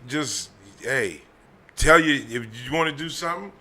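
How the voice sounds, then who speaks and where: A man's voice: a little high, expressive, normal speed, pushed and bright. Laid-back profane male podcast host. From California. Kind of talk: casual chat.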